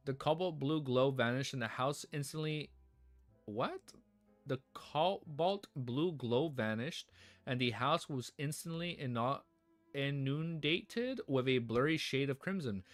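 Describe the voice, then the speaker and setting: A man streaming live, reading a novel aloud haltingly and breaking off to joke and react to it. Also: on the high side, dry recording, soft background music.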